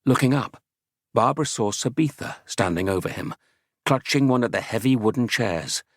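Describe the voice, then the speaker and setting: A man narrating an audiobook in a steady, dramatic storytelling manner, close to a studio mic. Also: medium pitch, normal speed, no room sound.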